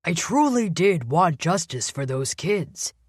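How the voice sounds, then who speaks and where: A woman narrator puts on a gruff older police commander for an audiobook, a man close to retirement who growls and snaps. The voice comes out louder and rougher, defensive and curt. The studio sound is dry and close. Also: on the low side, big pitch swings, takes it slowly, no room sound, full character voice. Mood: grudging. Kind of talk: audiobook character voice.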